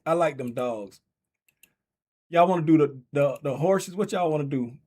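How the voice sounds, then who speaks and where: Hosting a laid-back trading livestream, a man chats playfully and directly with his chat, growing loud and excited as he calls a giveaway race. His voice sits a little high, and he talks at a normal speed.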